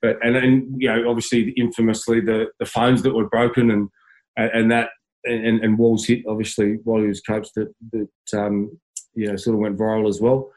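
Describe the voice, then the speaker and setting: An Australian man speaks with a fairly low voice, telling stories in a relaxed interview. He stumbles through restarts and repeated words, chuckling as he goes. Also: poor audio. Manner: halting, many restarts, laughs while telling stories. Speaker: former footballer, guest. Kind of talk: casual storytelling interview.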